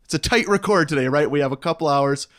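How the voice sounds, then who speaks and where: A man's voice: a little high, fast, a bit bright, no room sound, studio quality. A man co-hosting a podcast who tells a rambling story full of laughs and restarts in casual chat. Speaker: podcast co-host. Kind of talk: scripted intro narration, then casual chat.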